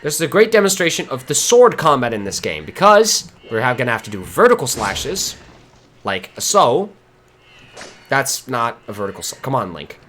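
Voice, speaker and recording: A man giving excitable, casual commentary while streaming a game, often swearing and laughing. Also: medium pitch, a little hiss or hum.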